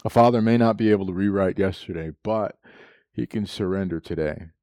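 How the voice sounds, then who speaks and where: A man's voice: low-pitched, brisk, dark tone, no echo. A man preaching a sermon, telling a personal story with frequent laughs and moments of emotion.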